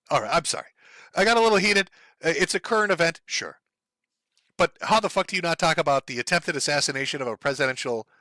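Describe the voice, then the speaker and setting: A man's voice: a little high, sharp tone, no room sound, studio quality. A man hosting his own show, giving blunt, profane, heated commentary. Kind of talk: ranting political commentary.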